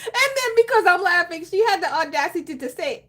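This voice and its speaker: A woman vlogging casually to her viewers, expressive and exclaiming, who keeps breaking into laughter. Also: very high voice, a little fast, hardly any pauses. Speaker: planner vlogger. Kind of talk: casual chat to camera.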